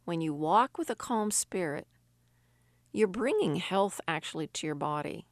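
A woman's voice: on the low side, animated, a little slow, no room sound, studio quality. A woman who grew up in Sicily, giving an earnest devotional talk and reading scripture aloud. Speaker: Christian speaker. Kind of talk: devotional teaching.

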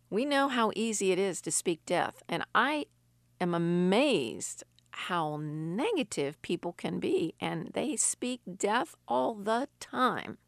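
Slow-speaking earnest woman teaching scripture. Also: medium pitch, vocal fry, no echo, studio quality. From Sicily. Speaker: Christian speaker. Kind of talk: devotional teaching.

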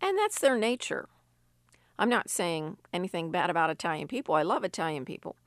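A woman's voice: on the low side, sing-song, brisk, no room sound, clean studio sound. A woman who grew up in Sicily, giving an earnest devotional talk and reading scripture aloud. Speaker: Christian speaker. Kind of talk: devotional teaching.

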